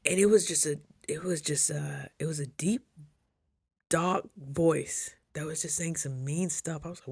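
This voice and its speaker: A young woman talking casually in a motivational vlog, chatty and animated, jumping high when she quotes people. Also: a little slow, gravelly, breathy edge. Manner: chews while talking at times. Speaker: vlogger.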